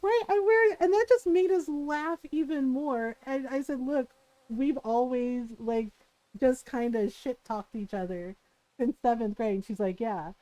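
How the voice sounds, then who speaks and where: A woman's voice: sits high, unhurried, dark tone, no echo, poor audio. A middle-aged woman streamer in casual chat, telling a story with frequent laughter. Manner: chatty storytelling, laughs often.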